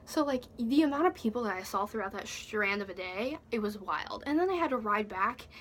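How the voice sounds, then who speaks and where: Bright, breathless young woman vlogger. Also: medium pitch, slight background noise. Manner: breathless, swearing, heavy use of "like". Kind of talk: storytime vlog.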